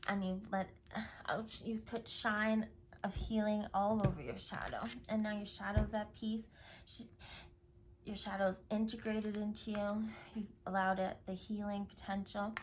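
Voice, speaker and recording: A woman giving a spiritual tarot reading in an effusive, affirming way, often dropping into soft whispers. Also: medium pitch, measured pace. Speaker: tarot reader. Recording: steady hiss and clicks.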